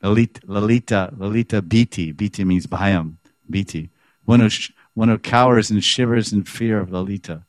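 A man's voice: fairly low pitch, moderate pace, no echo. A man giving a scripture class, reading a commentary aloud and explaining it, acting out the quoted speakers with animation. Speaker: spiritual teacher.

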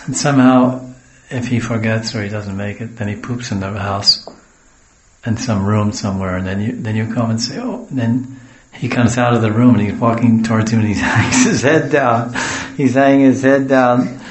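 A man's voice: on the low side, fairly even intonation, normal speed, reverberant, a little hiss or hum, poor audio. A man from the West giving a storytelling sermon as a spiritual teacher, wandering into homely asides and acting out what people say. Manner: digressive, homely asides, acts out quotes.

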